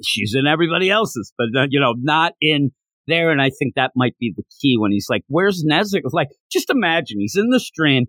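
A man co-hosting a podcast, chatting casually about a manga chapter and acting out characters' lines in quick voices. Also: on the high side, sing-song, a bit bright, no room sound. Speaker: podcast co-host.

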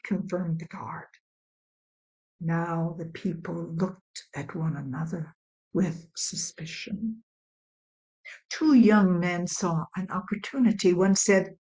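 A professional storyteller from Illinois, a woman telling a legend in a measured, dramatic way. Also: on the low side, steady tone, a little mellow, rough recording. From Illinois, USA.

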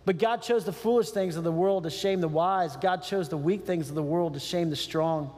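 A male pastor preaching a sermon in an animated way, laughing often and acting out quoted voices. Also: a little high, moderate pace. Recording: long hall reverb.

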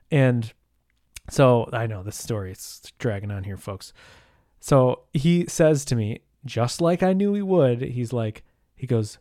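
A man's voice: mid-range voice, normal speed, warm tone, no room sound. Rambling man hosting a solo podcast, dry sound. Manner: rambling, self-interrupting, full of fillers and mild swearing. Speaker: podcast host. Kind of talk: casual solo podcast monologue.

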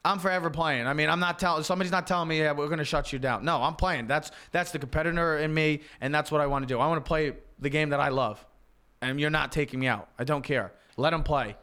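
A man's voice: a little high, fast, pushed and bright, smooth. A man hosting a sports talk show, chatting casually, blunt and emphatic, laughing often. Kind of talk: casual sports radio chat.

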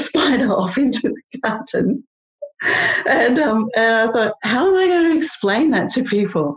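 A woman's voice: medium pitch, highs cut off. A woman, a podcast guest telling stories in a chatty way, laughing often and using many fillers. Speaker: podcast guest, language learner. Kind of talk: casual storytelling.

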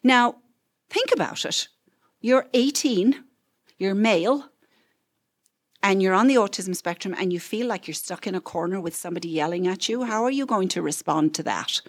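A woman's voice: mid-range voice, moderate pace, no room sound. A woman counselor giving a parenting talk, telling stories and acting out what parents and children say, with frequent "right?" asides.

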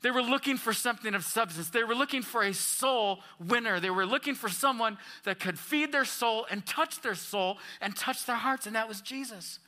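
A man's voice: very high voice, normal speed, hardly any pauses, bright, forceful tone. A man pastor preaching a sermon, reading scripture and asking questions of the congregation with emphatic rises and falls.

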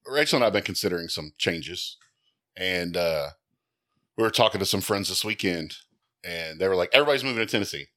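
A man co-hosts a casual podcast and tells wry anecdotes. His voice is very low, and he speaks at a fast clip. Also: expressive, pushed and bright. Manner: wry, storytelling. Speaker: podcast co-host. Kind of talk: casual chat.

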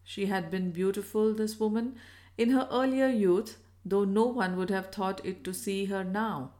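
A woman reading a classic Victorian story aloud as an audiobook narrator, in a measured and even manner. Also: mid-range voice. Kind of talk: scripted narration.

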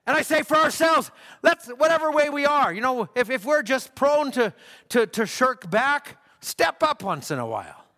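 A man preaching a sermon at a church service, emphatic and repetitive, building to shouts. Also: very high voice, very animated, normal speed. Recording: church hall with long reverb.

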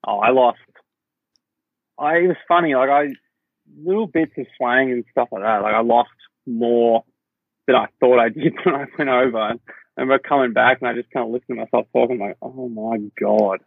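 This young Australian podcast guest has a mid-range voice with fairly even intonation and vocal fry, and he talks briskly. He rambles through stories in casual chat, restarting sentences and using fillers. The recording is dull and lo-fi with no echo.

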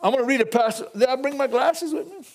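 High-voiced older preacher. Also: male voice, quick pace. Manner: folksy, chuckling, preacherly call-outs. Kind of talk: sermon.

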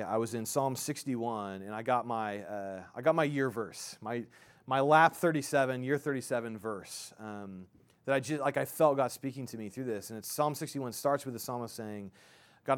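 A man in his thirties preaching a sermon as a pastor, in a conversational, halting way with many fillers and restarts. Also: medium pitch. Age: 30s.

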